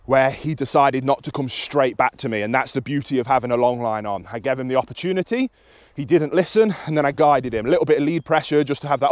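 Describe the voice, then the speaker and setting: Calm British man explaining dog training. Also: dry recording. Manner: calm and instructive, with high excited praise to the dog. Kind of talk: explaining to camera while training outdoors.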